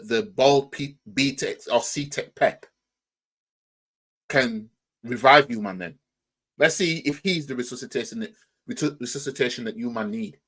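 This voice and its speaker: A man's voice: medium pitch, a bit bright. A man with a Yorkshire accent hosting a football reaction channel, talking in a rambling, argumentative way and firing off rhetorical questions. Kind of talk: casual reaction commentary.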